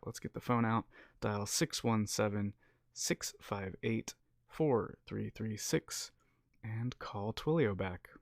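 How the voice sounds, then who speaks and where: A man's voice: lowish voice, no echo, clean studio sound. A man presenting a casual, upbeat screencast walkthrough as a developer tutorial host.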